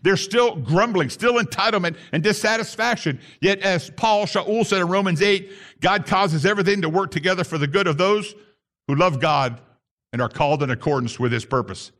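A man's voice: high-pitched, moderate pace, fairly bright tone. A man preaching a sermon to his congregation, reading scripture and acting out the grumbling voices. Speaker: pastor.

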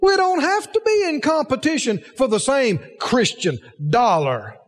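A man's voice: extremely high pitch, huge pitch swings, measured pace, long reverb tail. A man preaching a sermon, emphatic, asking the congregation rhetorical questions.

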